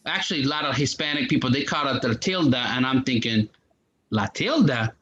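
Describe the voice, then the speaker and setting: A man's voice: medium pitch, fast, a bit bright, a little hiss or hum. Man on a dull, lo-fi line. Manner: explains patiently, mixes in Portuguese words. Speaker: native-speaker conversation partner. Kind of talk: casual conversation.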